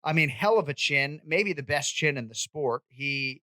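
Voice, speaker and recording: A man in his forties hosts a sports podcast. His voice is bright and forward, and he talks in a quick, animated way. The sound is dry and close to the mic. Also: a little high, no echo. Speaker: podcast host and MMA commentator. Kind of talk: casual sports chat.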